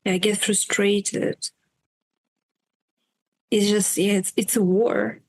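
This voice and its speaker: A woman guest speaking quietly and thoughtfully in a reflective conversation. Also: medium pitch, little pitch movement, takes it slowly, poor audio.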